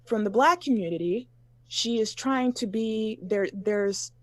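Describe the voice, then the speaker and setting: A woman in a casual panel discussion, telling personal stories in a measured way, pausing often. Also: medium pitch, no echo.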